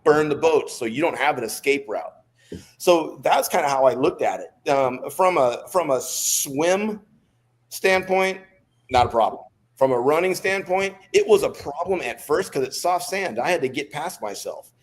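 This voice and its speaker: A man's voice: on the high side, normal speed. American man telling old service stories. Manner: relaxed, rambling storyteller with restarts. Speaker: guest, former Navy SEAL. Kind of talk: storytelling in a podcast interview.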